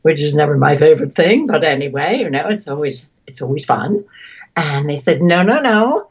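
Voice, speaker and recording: A woman, a voice actress, telling stories in a casual interview, chatty and quick to laugh, often trailing off mid-sentence. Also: deep voice, sing-song, breathy edge, muffled recording. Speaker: voice actress guest.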